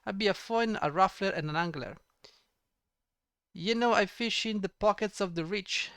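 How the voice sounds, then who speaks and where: Man doing a sly roguish pickpocket guide, pitched up, old-timey rogue talk, smooth tone. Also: moderate pace, a bit bright, dry recording, studio quality.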